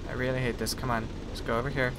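A man's voice: mid-range voice, level tone, fast talker, noisy background. A man chatting through a live gameplay stream, rambling, correcting himself and grumbling at the game. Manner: chatty, self-correcting, mildly exasperated. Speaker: gaming streamer. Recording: game music behind.

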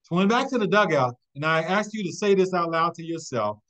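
A man presenting a webinar, telling a motivational story with a rhythmic, repeated refrain and building excitement. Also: on the high side, brisk, poor audio.

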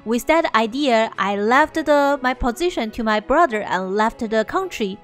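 A woman voicing a calm, earnest young exiled prince from a video game, reading his lines in a lowered, quieter voice. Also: normal speed, soft background music.

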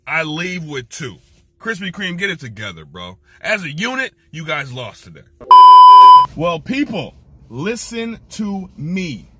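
A young man hosting a casual snack review vlog, ranting in an excitable, animated way. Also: fairly high pitch, unhurried.

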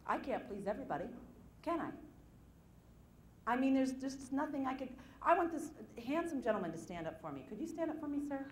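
A woman with a high voice keeps up a quick pace with few pauses during a live stage seminar, speaking as a motivational presenter to her audience. Her storytelling is animated and self-deprecating, and she voices the people she quotes. The room is echoey, with a little hiss or hum in the background.

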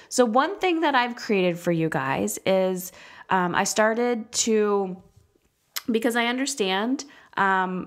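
A woman in her thirties talks through a solo parenting podcast in a candid, conversational way. She slows down and leans on the words she wants to stress. Her voice sits at an ordinary middle pitch. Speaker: podcast host and parenting coach.

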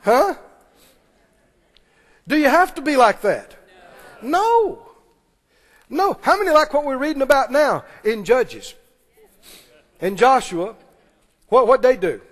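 A man preaching a sermon as pastor, retelling scripture with animated, dramatic delivery. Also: extremely high pitch, takes it slowly, pauses often, in a large hall.

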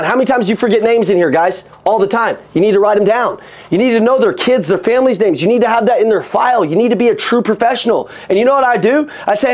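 A man giving an energetic motivational talk on sales to an audience, repeating phrases for emphasis. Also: high-pitched, fast. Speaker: sales coach. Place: room with an audience.

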